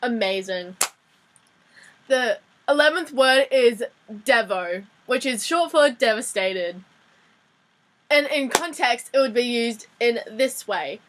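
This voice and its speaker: A woman's voice: fairly high pitch, expressive, slow pace, fairly bright tone. A young Australian woman with an Australian accent, chatting and giggling through a casual vlog lesson with frequent restarts. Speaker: vlogger teaching slang.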